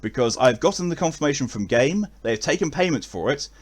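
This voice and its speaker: A man from England, animated and fairly quick with a medium pitch, chats casually with his audience as his stream ends. He rambles, often restarting and leaning on fillers.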